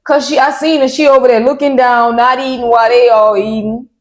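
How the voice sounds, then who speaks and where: Lively high-voiced woman recapping drama. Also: brisk. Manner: animated retelling, slips into quoting people. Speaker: reaction show co-host. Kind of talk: casual reaction recap chat. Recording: roomy echo.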